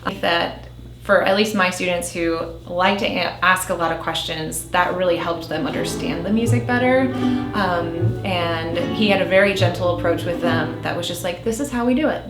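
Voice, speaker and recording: A woman's voice: lowish voice, fairly even intonation, moderate pace. A woman in her forties, an orchestra teacher, talking earnestly and chattily about a workshop. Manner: earnest, chatty, with many um fillers. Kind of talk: interview reflection. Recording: roomy echo with faint music behind.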